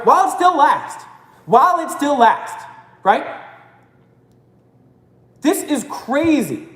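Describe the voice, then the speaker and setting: A woman with a high voice delivers a fiery political rant on a live stream, often breaking into shouts. Her voice rings through an echoey room with a long, hanging reverb.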